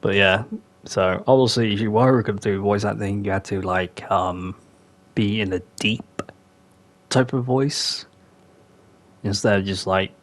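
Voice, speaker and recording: A man's voice: lowish voice, measured pace, pauses often. A young man hosting a podcast, chatting casually and rambling with many fillers. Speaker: podcast host.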